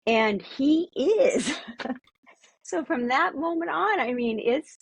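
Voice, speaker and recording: A woman's voice: sits high, animated, creaky, no room sound. A middle-aged woman, an interview guest and mother, telling stories in a casual, earnest way with many restarts. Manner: earnest, halting, lots of restarts. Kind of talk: casual storytelling.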